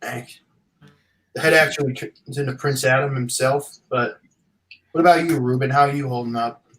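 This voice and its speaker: A man's voice: mid-range voice, steady tone, moderate pace, a bit bright, a little hiss or hum. A young man chatting as a guest on a video call, giving short, matter-of-fact replies. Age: young adult. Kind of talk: casual video-call chat.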